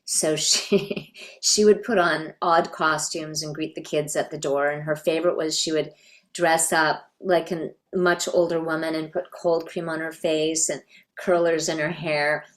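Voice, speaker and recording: Reflective middle-aged woman, lower voice. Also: flat delivery, measured pace. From Canada. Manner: reflective, thoughtful storytelling. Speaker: voice actress guest. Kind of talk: reminiscing interview.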